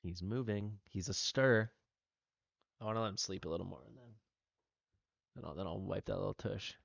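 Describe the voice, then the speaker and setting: Low gravelly dude rambling casually on a game stream, kinda muffled dry mic. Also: male voice, normal speed, no room sound. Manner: rambling, playful, filler-heavy. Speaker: streamer playing a mobile game. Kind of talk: casual livestream chat.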